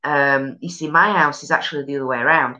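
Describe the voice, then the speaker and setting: Yorkshire lass rambling on her live stream, blunt and sweary, deep voice w a sharp edge. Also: fairly even intonation, quick pace, rough recording. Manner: chatty, rambling, blunt, sweary with broad northern slang. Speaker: live stream host reading viewer comments. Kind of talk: casual chat.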